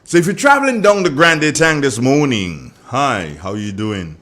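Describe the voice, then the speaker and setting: A middle-aged man with a Grenadian accent hosting a morning radio show, chatty and joking as he sends shout-outs to listeners. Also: mid-range voice, sing-song, moderate pace. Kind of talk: casual morning radio chat.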